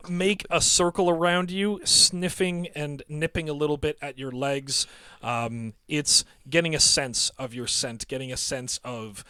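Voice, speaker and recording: A man narrating a live tabletop game as its game master, in halting bursts with frequent fillers and restarts. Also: a little high, steady tone, sharp tone, clear, resonant tone, dry recording, clean studio sound. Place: online game stream.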